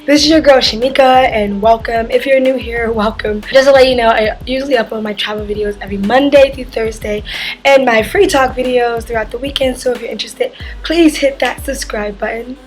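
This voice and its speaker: A hoarse young woman, husky from allergies, chatting casually as a travel vlogger telling a story-time tale, rambling with lots of fillers. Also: fairly high pitch, steady tone, brisk, soft background music, rough recording.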